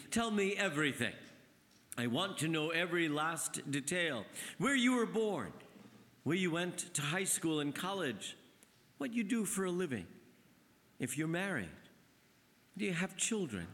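A loving elderly mother with dementia speaks gently and unhurriedly, as a priest reads her words in a homily. The voice is a fairly high man's voice with a long echo trailing off in a church. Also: sing-song, unhurried, full character voice. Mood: tender.

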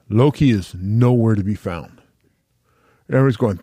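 A man's voice: lowish voice, expressive, warm tone, slightly rough, no echo, studio quality. A man hosting a podcast, retelling a myth in a loose, casual and profane way with restarts. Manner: loose, profane, halting with fillers. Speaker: podcast host. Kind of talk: casual storytelling chat.

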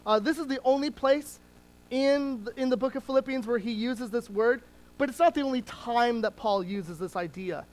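A preacher and parent giving a sermon in a conversational teaching tone, with small restarts, slowing down to stress key words. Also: medium pitch, darkish tone, rough recording. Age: adult parent.

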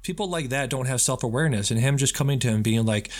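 A man's voice: mid-range voice, fast. A man co-hosting a film podcast, casually retelling scenes and acting out the characters' lines. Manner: animated retelling with acted quotes. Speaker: podcast co-host. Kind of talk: casual film review chat.

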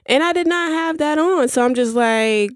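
A woman's voice: high-pitched, moderate pace, dry recording, clean studio sound. A young woman hosting a podcast, telling a rambling story in casual chat with many fillers and asides. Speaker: podcast host.

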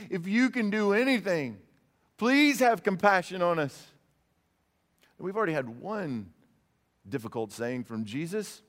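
A man's voice: on the high side, big-room sound. A male pastor preaching a sermon, earnest and emphatic, often repeating words as he presses a point. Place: church sanctuary.

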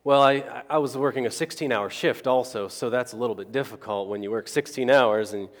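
A man's voice: medium pitch, a little fast. A man telling a personal story as a sermon, chatting with the crowd and checking in with "right?" after nearly every point. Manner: conversational, keeps asking the crowd "right?". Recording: long hall reverb.

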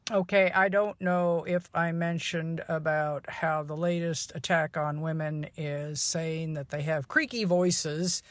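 A woman's voice: low-pitched, fairly even intonation, takes it slowly, few pauses, no echo. A woman hosting her own podcast, talking in a rambling, chatty way with blunt, outspoken asides. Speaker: podcast host. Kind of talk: casual solo podcast monologue.

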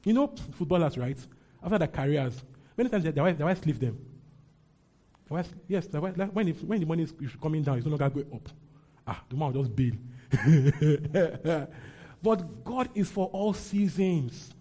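A male pastor delivers a lively sermon, calling on the congregation to read scripture aloud with him. His voice sits a little high but sounds mellow and warm, with a husky edge. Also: normal speed. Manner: call-and-response preaching, leads congregation reading aloud. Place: church with a congregation.

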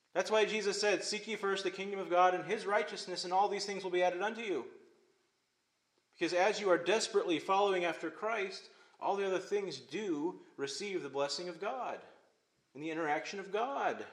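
A male pastor preaching a sermon, swinging between emphatic loud phrases and hushed, quiet ones. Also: sits high. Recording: echoey room.

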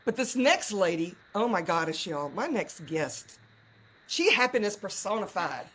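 A woman's voice: medium pitch, very animated, unhurried, a bit bright, slight background noise. A woman hosting a podcast in a playful, gushing, casual way, sometimes hamming up a put-on Southern drawl. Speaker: podcast host. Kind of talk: casual chat.

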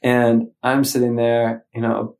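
Animated man telling a story. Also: medium pitch, slow pace. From Michigan. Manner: animated, acts out his own inner voices. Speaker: guest. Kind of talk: casual storytelling in conversation.

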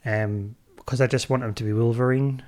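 A man's voice: mid-range voice, steady tone, moderate pace. A man with a soothing, lilting Scottish accent, co-hosting a casual film review chat in a playful, chatty way. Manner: chatty, playful, bursts into mock shouting. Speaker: podcast co-host.

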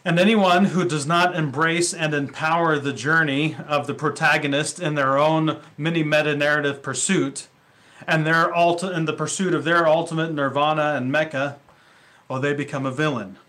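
A man's voice: on the high side, steady tone, moderate pace, bright, forceful tone. A male pastor preaching a sermon in a conversational way, with rhetorical questions and casual asides.

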